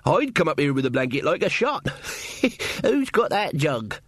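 A man's voice: on the high side, sing-song, measured pace, a bit bright, breathy edge, no echo, clean studio sound, pitched above the performer's own voice, exaggerated voice. A man voicing a crude, joking middle-aged family man from the village. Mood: jokey. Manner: coarse, joking.

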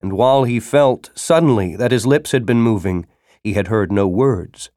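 A man narrating a story in a dramatic reading style, breaking into urgent, shouted dialogue. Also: lowish voice, moderate pace, dry recording, clean studio sound. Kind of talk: audiobook narration.

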